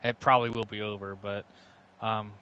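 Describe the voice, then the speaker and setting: A man's voice: fairly low pitch, level tone, sharp tone, low-quality recording. Guy co-calling a football game, lots of ums, a bit of noise behind. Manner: halting, filler-heavy analysis. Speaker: co-commentator. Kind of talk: casual video game commentary.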